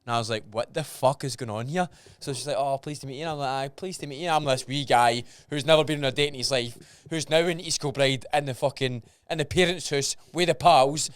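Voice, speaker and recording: A young man with a Scottish accent, hosting a podcast and telling stories in an animated, sweary way. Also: mid-range voice, fast talker, few pauses, clean tone, dry recording. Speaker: podcast host. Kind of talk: casual chat.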